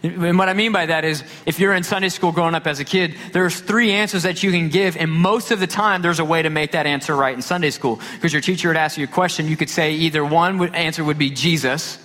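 A man, a pastor, preaching a sermon and telling a personal story with lively quoted dialogue. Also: fairly high pitch, quick pace, few pauses. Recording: long hall reverb.

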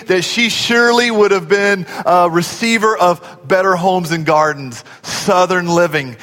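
A man's voice: sits high, a bit bright, big-room sound. A man preaching a sermon as pastor, folksy and conversational, often asking the congregation questions.

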